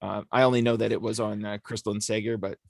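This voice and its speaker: A man's voice: on the low side, level tone, fast talker, creaky, darkish tone, dry recording, clean studio sound. A man co-hosting a casual discussion podcast, explaining at length with lots of fillers. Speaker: podcast co-host.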